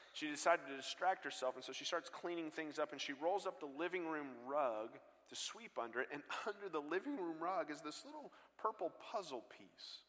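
A man preaching a sermon and telling stories with earnest swings between loud bursts and hushed lines, on a stage mic in a large church. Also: fairly high pitch. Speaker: guest pastor. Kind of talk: sermon storytelling. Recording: long hall reverb.

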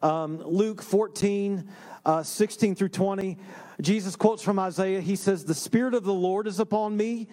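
Pastor guy preaching, pretty high voice, chatty and jokey about himself. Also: a little slow, dark tone. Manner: conversational storytelling with self-deprecating humor. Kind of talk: sermon. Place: church sanctuary.

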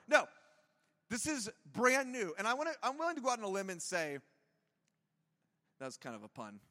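A man's voice: sits high, sing-song, moderate pace, long pauses, pushed and bright, long reverb tail. A man preaching a conversational sermon to his church, chatty and self-deprecating, with lots of jokes and asides. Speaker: pastor. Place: church auditorium.

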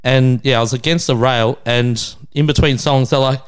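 A man's voice: mid-range voice, steady tone, moderate pace, few pauses, smooth. Swearing Australian man telling stories. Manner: crude, laughing storyteller who acts out quoted voices. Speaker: podcast co-host. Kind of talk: casual banter podcast.

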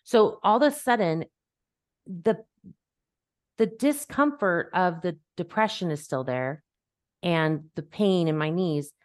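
A woman's voice: lowish voice, lively intonation, slow pace, long pauses, no room sound, studio quality. A woman hosting a podcast as a life coach, talking casually and animatedly, acting out quoted voices and laughing easily. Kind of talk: casual conversational chat.

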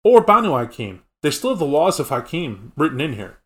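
A man's voice: a little high, big pitch swings, a little fast. A man co-hosting a casual podcast, explaining tabletop game lore in a rambling, conversational way. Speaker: podcast co-host.

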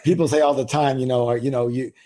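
A man's voice: medium pitch, fairly even intonation, quick pace, warm tone. A man, an author, talking as an interview guest in a casual, emphatic, salesy way, firing rhetorical questions at listeners.

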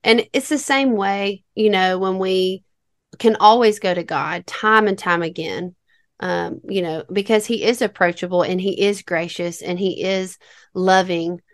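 A woman's voice: mid-range voice, fairly even intonation, unhurried. A woman, co-hosting a faith podcast in an earnest, reflective way and often saying "you know.". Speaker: podcast co-host. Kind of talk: casual faith podcast chat.

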